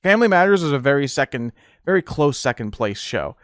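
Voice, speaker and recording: A man's voice: medium pitch, sing-song, a little fast, dry recording, clean studio sound. A man hosting a podcast, rambling in casual chat with frequent laughs and fillers. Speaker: podcast host.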